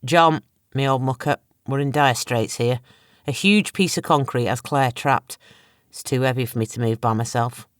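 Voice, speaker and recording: A woman's voice: a bass voice, normal speed, dry recording, clean studio sound. A woman voicing a middle-aged male police chief, strained and heavy with emotion. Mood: desperate.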